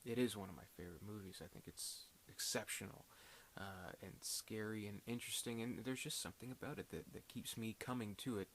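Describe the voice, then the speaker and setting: Rambling low-voiced man reviewing a film. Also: a little fast, a bit bright, a little hiss or hum. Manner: rambling, full of fillers and restarts. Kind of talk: casual video review.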